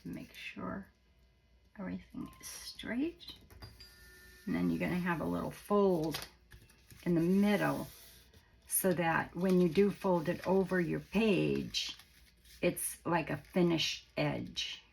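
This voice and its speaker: Gravelly low-voiced woman chatting through a craft tutorial. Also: slow, pauses often, darkish tone, slight background noise, poor audio. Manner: chatty, meandering, self-correcting. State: croaky voice. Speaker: craft channel host.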